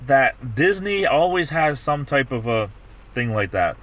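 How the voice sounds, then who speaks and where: A man's voice: mid-range voice, animated, measured pace, fairly bright tone. A middle-aged man hosting a livestream, chatting casually in a rambling way with many restarts. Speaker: livestream host. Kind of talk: casual chat.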